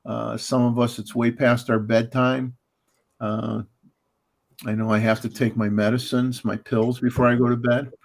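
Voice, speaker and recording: A man's voice: mid-range voice, flat delivery, normal speed, vocal fry. A man hosting a casual livestream chat, rambling with lots of fillers and restarts and chuckling often. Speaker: livestream host.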